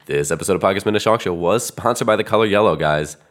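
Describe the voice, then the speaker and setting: A man from New Jersey co-hosting a comedy podcast, reading fake sponsor spots in a deadpan mock-announcer way. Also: low-pitched, quick pace. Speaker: podcast co-host. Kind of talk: casual comedy chat.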